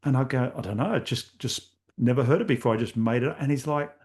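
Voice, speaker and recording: Man, podcast guest, relaxed conversational tone, mid pitch. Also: a little fast. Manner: relaxed, conversational, with filler phrases. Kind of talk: casual interview chat.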